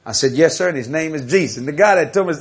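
A man delivers a sermon as a lively story. His voice sits a little high for a man. He laughs often and acts out each person's words. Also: racing, husky. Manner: animated, laughing storyteller acting out quotes. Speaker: preacher.

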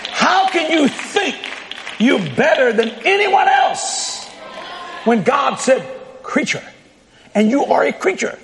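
A man preaching with fiery emphasis, shouting points and repeating them for the congregation. His voice sits high and gravelly, rising and falling across a wide range. A long reverb trails each line, with a faint crowd behind him. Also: big pitch swings, slow, long pauses, slight background noise. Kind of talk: sermon.

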